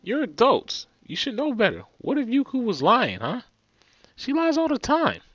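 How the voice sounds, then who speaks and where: A man's voice: extremely high pitch, huge pitch swings, normal speed, a bit bright, dry recording, dull audio, pitched above the performer's own voice, exaggerated voice. A man with a New Jersey accent voicing a protective, sassy young big sister with a defiant, teasing manner.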